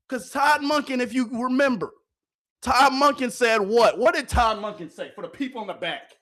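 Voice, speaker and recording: A man hosting a live sports reaction stream, loud and excitable, often yelling and laughing into a close microphone. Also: extremely high pitch, moderate pace. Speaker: sports reaction livestream host. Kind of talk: hyped live commentary on football clips. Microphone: close microphone he yells into.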